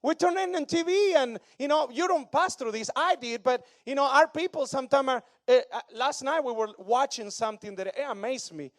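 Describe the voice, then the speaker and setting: A man in his thirties from Argentina, preaching a sermon with an Argentine Spanish accent in broken English, animated and joking with the congregation. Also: very high-pitched, a little fast, few pauses, dry recording, studio quality. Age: 30s. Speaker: pastor.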